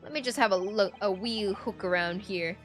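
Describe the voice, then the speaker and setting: A woman voicing a gruff, testy male prison warder in an uneven put-on Scottish accent, read from a game. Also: mid-range voice, normal speed, soft background music, voice pushed down, natural voice. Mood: brusque. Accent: put-on Scottish, inconsistent. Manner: brusque, dismissive, thick brogue words. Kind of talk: reading game dialogue aloud.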